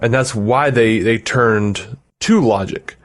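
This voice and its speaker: A man's voice: mid-range voice, slow pace. A man co-hosting a podcast in casual chat, rambling with fillers and frequent laughs. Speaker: podcast co-host.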